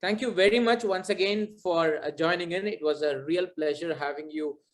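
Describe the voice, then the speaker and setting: Man, host, somewhat high voice, earnest, hesitant fillers, video call. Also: moderate pace. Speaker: masterclass host. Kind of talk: hosting an online session.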